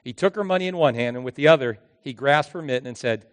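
A male pastor preaching a sermon, telling a story dramatically, with his voice swinging from hushed to loud. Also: mid-range voice, fast talker. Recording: long hall reverb.

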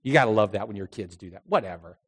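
A youth pastor preaching a sermon in story form, animated, moving between loud emphasis and hushed earnest passages. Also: male voice, lowish voice, rapid-fire, slightly rough.

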